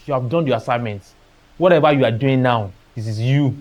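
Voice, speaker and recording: Nigerian-accented man, mid-pitched, motivational seminar talk, storyteller who plays out dialogue and uses Pidgin. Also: brisk, darkish tone. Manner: storytelling, acting out dialogue, dropping into Pidgin phrases. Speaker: artist speaking at a seminar.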